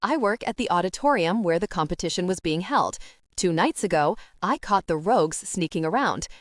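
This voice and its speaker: A woman's voice: fairly low pitch, animated, normal speed, no echo, studio quality, natural voice. Woman voicing a formal French vampire man. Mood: weary, formal. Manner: stiffly polite, formal phrasing. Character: wounded young male French vampire, formal. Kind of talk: audiobook character reading.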